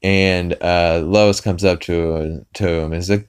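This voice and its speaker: Deep-voiced rambling podcast host. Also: male voice, fairly even intonation, slow pace, hardly any pauses, clean tone. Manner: rambling, many fillers and restarts. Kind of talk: casual episode recap.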